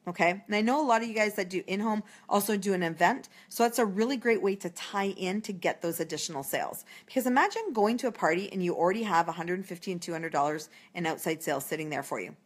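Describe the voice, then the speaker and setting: Woman sales coach, livestream, chatty and upbeat, mid-range voice. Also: mid-range voice. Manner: chatty and upbeat, acting out bubbly calls to a hostess. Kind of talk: casual coaching talk on a live video stream.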